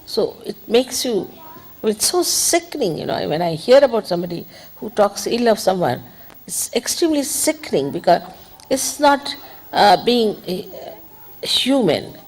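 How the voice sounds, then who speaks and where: A woman giving an informal spiritual talk, conversational and digressive, gently admonishing her listeners. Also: medium pitch, very animated, unhurried, husky, low-quality recording. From India. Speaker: spiritual teacher.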